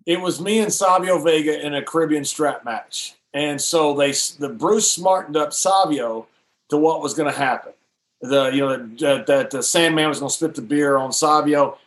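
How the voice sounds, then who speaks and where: A man's voice: on the high side, normal speed, rough recording. A man in a casual chat, reminiscing and telling a story.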